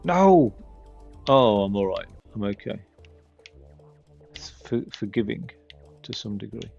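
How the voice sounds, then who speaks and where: A man's voice: on the low side, little pitch movement, measured pace, creaky, mellow, husky, soft background music. A man giving casual, rambling gameplay commentary with chatty, self-mocking asides on a slightly dull, lo-fi mic. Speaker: gaming channel host.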